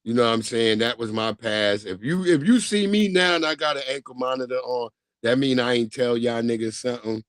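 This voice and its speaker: A man's voice: mid-range voice, brisk, hardly any pauses, fairly bright tone, dry recording. A man from the United States hosting a livestream in casual chat, blunt and laid-back with rambling opinions. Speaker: livestream host.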